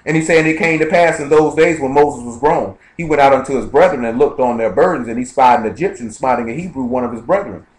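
A man leading an informal Bible study sermon, quoting scripture rapidly and checking in with his listeners. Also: mid-range voice. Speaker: preacher. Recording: echoey live-streamed room.

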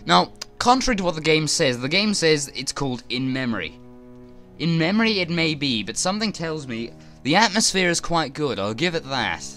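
A man's voice: a little high, sing-song, normal speed, fairly bright tone, faint music behind. A man commentating a horror game he is playing, jittery and swearing often as he talks to himself. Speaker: let's player.

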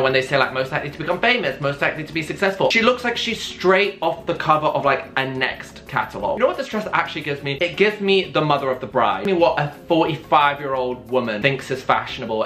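A young British man with a bright, forceful voice delivers camp and sassy fashion commentary, his pitch leaping all over the place. The room is echoey, with faint music playing behind him. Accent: British English. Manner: camp, sassy and theatrical, swings into squeals. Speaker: YouTube commentator. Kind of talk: casual reaction commentary.

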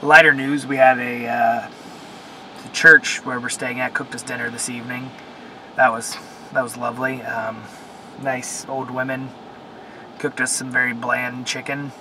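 A young man rants in a casual vlog, swearing freely and trailing off into fillers as he vents. His voice sits at an ordinary middle pitch. A noisy hum of air conditioning and passing traffic runs behind him. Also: flat delivery, unhurried. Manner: frustrated, cursing, rambling with fillers. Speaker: vlogger. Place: in a car at a car wash.

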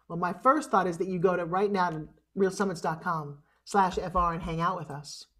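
A woman's voice: fairly low pitch, fairly even intonation, normal speed, hardly any pauses, a bit bright. A woman giving a motivational keynote, speaking with emphasis and rousing the audience. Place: online summit.

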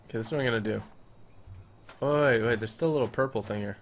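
A man giving playful let's-play commentary on a survival game, excitable and bursting into loud yelling at the game. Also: medium pitch, fast, a little hiss or hum. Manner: playful, jokey. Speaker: gaming YouTuber.

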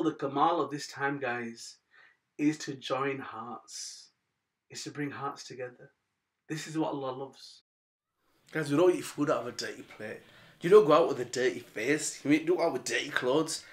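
A man, hosting a daily channel and telling a moral story with religious advice in a casual way, often calling his listeners "guys" and letting his phrase ends fall soft. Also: medium pitch, distant mic. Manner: chatty, says "guys" often, trails off softly at phrase ends.

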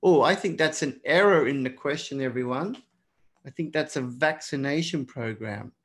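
A man's voice: medium pitch, moderate pace, a bit bright. An Australian man teaching a live online exam prep lesson, encouraging and speaking to viewers in the chat by name.

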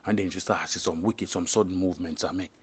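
A man's voice: low voice, fairly even intonation, fast talker, breathy edge. A young Jamaican man speaking in patois in a casual interview, tagging his phrases with "you see me" and "you know".

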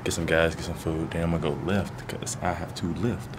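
A man's voice: low-pitched, steady tone, fairly quick. A young college man, chatting casually and slangily through his day on a phone vlog. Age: young adult. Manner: laid-back, slangy, rambling. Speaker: college student vlogger. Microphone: handheld phone. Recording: echoey phone audio with loud background noise.

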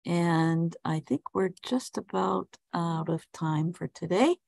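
A woman teaches an online English class over a video call and speaks slowly with a gravelly edge. She hesitates often and restarts her sentences as she asks students questions. The sound is dry and close, with no room echo. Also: lowish voice, steady tone, a little mellow. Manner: hesitant, many ums and restarts, friendly questions. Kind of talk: casual online class talk.

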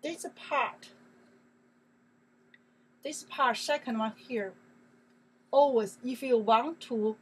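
A woman with a Chinese accent teaches grammar at a slow, deliberate pace, often repeating herself and checking that the listener follows. Her voice sits a little high for a woman. A faint hiss runs underneath the recording. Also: low-quality recording. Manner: slow, repetitive explaining in simple English, asking "okay?". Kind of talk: online language lesson.

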